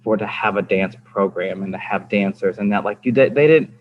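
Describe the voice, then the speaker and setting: A man's voice: fairly low pitch, brisk, slight background noise. A man and dance teacher on a podcast chatting casually, rambling with lots of fillers and restarts. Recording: slightly dull lo-fi with faint ambience.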